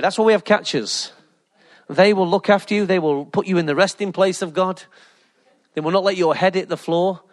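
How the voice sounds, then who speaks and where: High-voiced pastor, jokey. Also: male voice, fairly quick. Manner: jokey, animated storytelling with laughter. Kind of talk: lively sermon with anecdotes.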